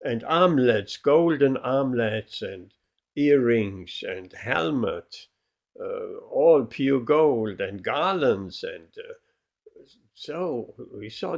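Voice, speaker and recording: A man, a spiritual teacher, telling a devotional story in a lecture, with many pauses and fillers. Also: medium pitch, animated, creaky.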